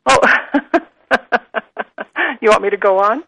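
A woman guest speaking gently and earnestly in an interview, with frequent pauses on "uh.". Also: medium pitch, gravelly, no echo, low-quality recording. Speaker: guest, curriculum company president. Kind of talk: conversational interview with read-aloud passages.

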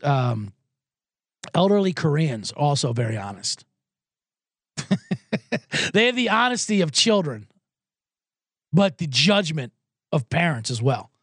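Male comic host, rambling and self-mocking, high and animated. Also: no room sound, clean studio sound. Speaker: comedy podcast host. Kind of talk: comedic monologue. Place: Los Angeles.

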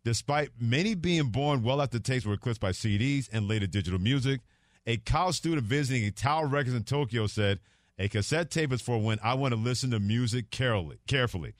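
A man's voice: mid-range voice, fast talker, no room sound, studio quality. A middle-aged man hosting a sports radio talk show, telling stories animatedly and laughing easily. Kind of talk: casual radio chat. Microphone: studio microphone.

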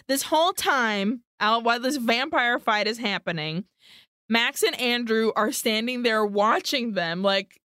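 A woman's voice: fairly high pitch, a bit bright, smooth, no echo, clean studio sound. A woman co-hosting a podcast, casually and animatedly retelling a film plot, swearing freely. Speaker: podcast co-host. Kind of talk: casual chat recapping a film.

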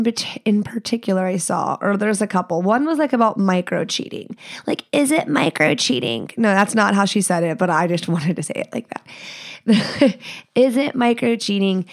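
A woman hosting a podcast, talking in a casual, blunt and profane monologue and mimicking other people in a higher voice. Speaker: podcast host.

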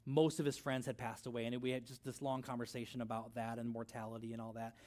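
A middle-aged man preaching a sermon in a church, conversational and animated, with storytelling asides. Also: medium pitch, quick pace. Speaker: pastor.

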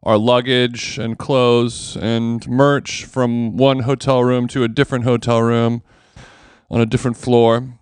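A man's voice: mid-range voice, flat delivery, unhurried, clean tone, no room sound. A man co-hosting a casual podcast chat, joking with dry, sarcastic humor. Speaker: podcast co-host.

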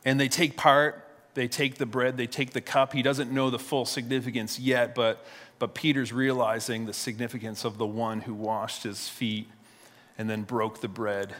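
Male pastor, conversational storytelling sermon, mid pitch, long hall reverb. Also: fairly bright tone. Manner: conversational, repeats words at restarts.

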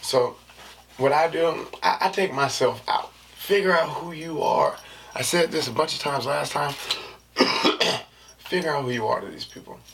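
A man hosting his own podcast, talking in a loose, slangy, rambling way with lots of fillers and a soft, low-key delivery. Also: measured pace, creaky. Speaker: podcast host. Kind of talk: casual solo podcast chat. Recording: distant mic with faint background noise.

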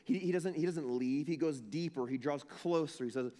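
A male pastor with a somewhat high voice delivers a sermon, lurching from shouted lines down to hushed, intimate ones. He acts out the people he quotes. His voice rings with the long reverb of a large hall. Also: moderate pace, hardly any pauses.

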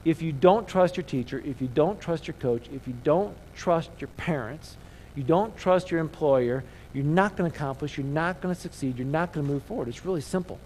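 A man's voice: on the high side, fairly quick, a little mellow, slight background noise, poor audio. A male pastor giving a conversational sermon, asking rhetorical questions and calling on the audience to repeat key words after him. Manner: call-and-response, asks audience to repeat words.

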